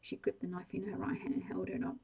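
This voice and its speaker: A woman whispering a bedtime story in a soft, hushed and even way, in a whispered role-play style. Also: mid-range voice, quick pace, gravelly, breathy edge, muffled recording. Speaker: audiobook reader.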